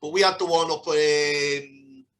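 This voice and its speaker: A man's voice: on the high side, fairly even intonation, slow pace, a bit bright. A man with a Liverpool accent in casual podcast chat, blunt and sweary, trailing off with "and that".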